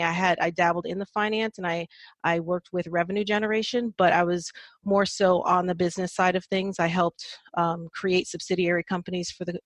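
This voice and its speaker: A woman's voice: fairly low pitch, dry recording. A woman in her thirties, a podcast guest, telling her personal story reflectively with frequent fillers and small laughs.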